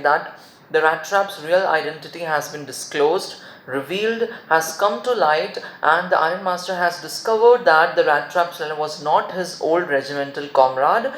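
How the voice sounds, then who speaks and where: Fast-talking Indian teacher, roomy echo. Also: male voice, high-pitched, fairly bright tone. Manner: restates each point in several synonyms; explains words while switching between languages. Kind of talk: bilingual classroom lesson.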